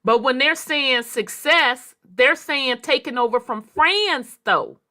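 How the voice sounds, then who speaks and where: Animated high-voiced Southern woman host. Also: slow pace. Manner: animated, slangy, laughing storyteller. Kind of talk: casual group discussion.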